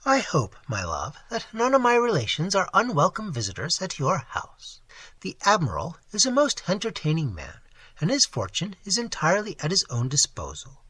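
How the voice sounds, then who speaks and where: A man reading the part of a prim, proper middle-aged wife who reproves gently and politely. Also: high-pitched, huge pitch swings, normal speed, breathy edge, dry recording, full character voice. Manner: polite, genteel, lightly reproving.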